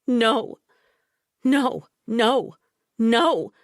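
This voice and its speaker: In a clean studio recording with no room sound, a female narrator performs a young pregnant woman in distress, begging desperately. Her voice is a little high, raised above her own register, with lively intonation and a measured pace.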